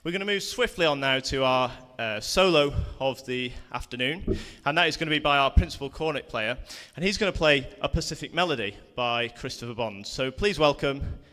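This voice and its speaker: A man, out of breath, announcing his band's pieces in an informal, slightly halting way. His voice is bright and forward. It rings with the long reverb of a big hall. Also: mid-range voice, animated. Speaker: band compere. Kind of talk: introducing pieces at a brass band contest. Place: concert hall.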